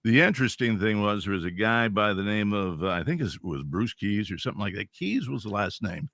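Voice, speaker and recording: A man in his sixties from Central California, a veteran radio DJ telling stories as a podcast guest in an animated, chuckling way. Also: fairly low pitch, brisk, no room sound, studio quality. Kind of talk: casual storytelling.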